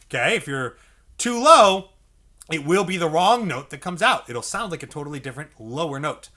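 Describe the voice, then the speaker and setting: A man's voice: a little high, animated, normal speed, pushed and bright. A man teaching saxophone, explaining step by step, checking in often with "okay?" and acting out the mouth sounds. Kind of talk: instructional music lesson.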